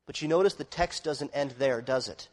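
A man preaching a sermon, dramatic and expressive, dropping to quiet asides and then rising to loud, emphatic declarations. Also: mid-range voice, normal speed, big-room sound. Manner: dramatic, swings from quiet to shouting.

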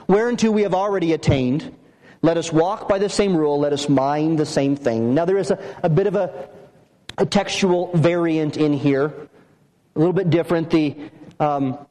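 Male pastor, high voice, emphatic expository preaching, recorded in a reverberant church hall. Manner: animated, emphatic preaching with rhetorical questions. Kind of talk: expository sermon.

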